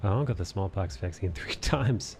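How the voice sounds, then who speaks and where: Male host, low voice, crude casual banter, quick to laugh. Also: a little mellow, a little hiss or hum. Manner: crude, profane and laughing easily. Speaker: host of an art live stream. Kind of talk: casual chat.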